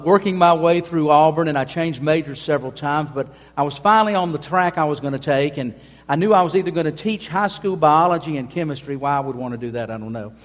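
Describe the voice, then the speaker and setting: A man preaching a sermon to his congregation, adding emphatic asides. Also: on the high side. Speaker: pastor. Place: church sanctuary. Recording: dull sound with long hall reverb.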